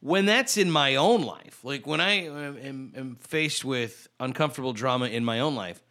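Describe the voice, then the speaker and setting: A man's voice: mid-range voice, normal speed. A man co-hosting a podcast, chatting casually and joking playfully with his friend. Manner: playful, joking, lively delivery. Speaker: podcast co-host. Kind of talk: casual comedic chat.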